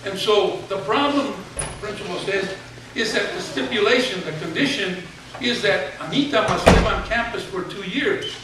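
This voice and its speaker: At a normal speed and with few pauses, a retired teacher in his seventies with a high voice delivers a speech, telling students a humorous, folksy tale. The large, very echoey hall with an audience is captured from a distance, with clear background noise under him.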